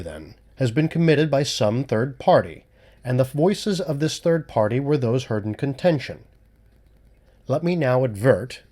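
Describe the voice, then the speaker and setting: A man voicing a cool-headed male amateur detective who lays out his reasoning in a measured, lecturing way in an audiobook reading. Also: mid-range voice, dark tone, close to an everyday voice.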